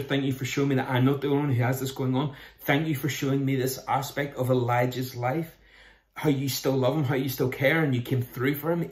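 A man, preaching a sermon in an earnest, conversational way, often posing questions to his listeners. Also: mid-range voice. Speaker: pastor. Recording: roomy echo.

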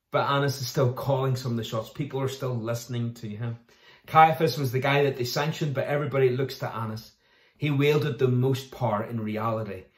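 Conversational preacher in an echoey room. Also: male voice, mid-range voice. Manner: conversational, acts out quoted voices. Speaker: pastor. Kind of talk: sermon.

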